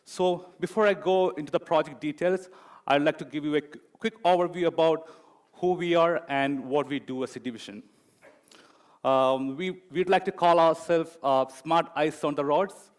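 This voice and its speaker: A man presenting as a project manager in a corporate talk, pausing often with fillers. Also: on the high side. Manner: hesitant, many fillers.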